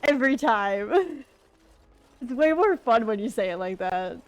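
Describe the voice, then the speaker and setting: A woman's voice: medium pitch, lively intonation, a little fast, no echo. A woman streamer chatting casually over a role-playing game, joking and laughing often. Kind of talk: casual gameplay commentary.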